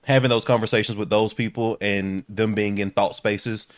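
A man with a somewhat low voice co-hosts a podcast. He talks politics in relaxed, casual chat, speeding up and getting animated as he makes his points. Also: moderate pace. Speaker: podcast co-host.

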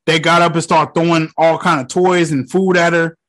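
A young man casually recapping a movie, swearing freely and retelling the scenes with excitement. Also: a little high, moderate pace. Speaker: movie reviewer.

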